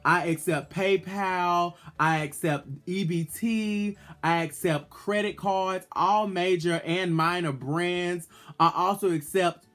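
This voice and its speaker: A man's voice: high-pitched, steady tone, takes it slowly, fairly bright tone. A man voicing a sassy drag queen who teasingly demands her prize money.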